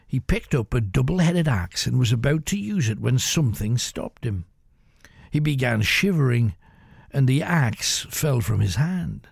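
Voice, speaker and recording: Gravelly male storyteller. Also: on the high side, sing-song, dry recording, clean studio sound. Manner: measured, dramatic. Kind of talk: dramatic storytelling.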